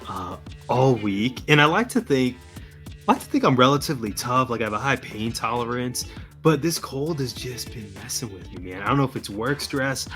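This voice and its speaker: A man co-hosting a podcast in casual chat, upbeat and energetic, recovering from a cold. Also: medium pitch, normal speed, soft background music. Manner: upbeat, energetic, laughs easily. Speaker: podcast co-host.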